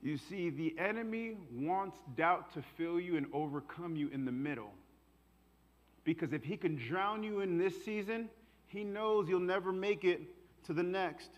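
A male pastor with a fairly high voice preaches with fervor and street-level warmth of phrase. His voice carries a long church-hall echo. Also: unhurried, muffled recording. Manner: passionate, colloquial preaching. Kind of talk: sermon.

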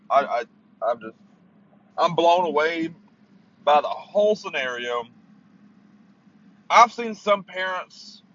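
A man's voice: fairly high pitch, fairly bright tone, highs cut off. A man hosting his own podcast, ranting angrily about sports with heavy swearing and stammering, recorded in a parked car. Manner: profane, heated, stammering. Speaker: podcast host. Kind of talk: angry sports rant.

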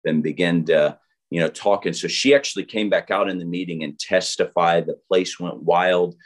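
A male pastor speaks as a guest, retelling an event with animated energy and plenty of fillers and restarts. His voice sits fairly low. He acts out what people said as he goes. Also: normal speed. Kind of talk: storytelling testimony in an interview.

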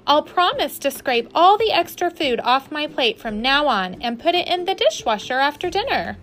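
A woman's voice: fairly high pitch, big pitch swings, unhurried, a bit bright, soft background music. A woman voicing a stubborn young boy who pleads and bargains, reading a storybook aloud. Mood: bargaining.

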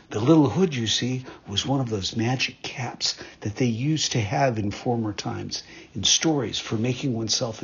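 A man narrating a fairytale in a measured, expressive storytelling manner. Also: medium pitch, vocal fry, slightly rough, dull audio.

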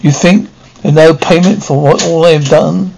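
A man's voice: on the high side, fairly even intonation, moderate pace, gravelly, darkish tone, a little hiss or hum, poor audio. A man reading the part of an ancient snake god of the dead, coaxing and commanding.

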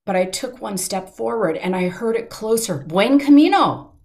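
Speaking in a mid-range, steady voice with a creaky, warm quality, a middle-aged woman recounts something personal during an interview. She is earnest and heartfelt and slows down whenever the story turns emotional.

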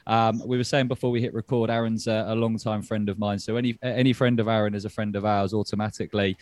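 A man's voice: lowish voice, little pitch movement, fast, a little mellow, dry recording. Male podcast host, dry close sound, jokey and rambling. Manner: chatty, jokey, rambling with restarts. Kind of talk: casual podcast chat.

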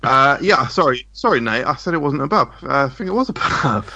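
A man's voice: mid-range voice, lively intonation, a little fast, lo-fi sound, heavy background noise. A man co-hosting a podcast in casual chat, playful and reading listener comments aloud. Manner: playful, puts on a mock night-radio voice.

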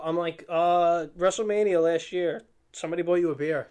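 A young man rattles off a story in loose, slangy chat. His delivery is quick and a touch high-pitched, full of filler and asides. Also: steady tone, a little mellow, smooth. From Staten Island, New York. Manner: rambling, slangy, laughs while telling.

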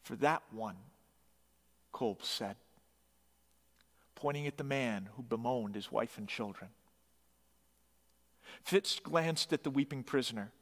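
A man's voice: medium pitch, unhurried, long pauses, big-room sound. A man narrating a story dramatically, swelling his emphasis on key phrases.

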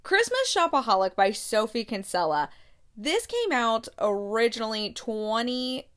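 A woman's voice: fairly high pitch, sing-song, normal speed, fairly bright tone. A woman chatting casually about books, laughing and reacting in disbelief as she reads blurbs aloud. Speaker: book vlogger. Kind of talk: casual book review chat.

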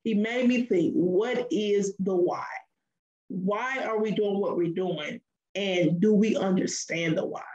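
A woman co-hosts a casual podcast, talking in an animated, preachy way and laughing often as she tells her stories. Her voice sits at a middle pitch. The room is echoey and roomy around her. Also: slow, highs cut off. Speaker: podcast co-host.

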